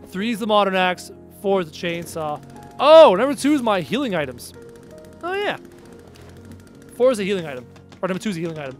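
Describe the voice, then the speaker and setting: A man with a Canadian accent, streaming a game and chatting sarcastically with his viewers. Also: high-pitched. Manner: chatty and sarcastic, answers chat aloud. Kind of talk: casual live-stream chat while gaming.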